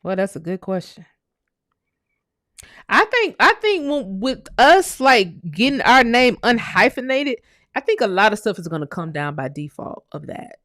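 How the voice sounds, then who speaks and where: A woman's voice: a little high, normal speed, dry recording, clean studio sound. A woman hosting a casual livestream, reading viewer comments aloud and talking back bluntly, with plenty of swearing. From United States. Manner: blunt, animated, swears freely, addresses viewers as y'all. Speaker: livestream host.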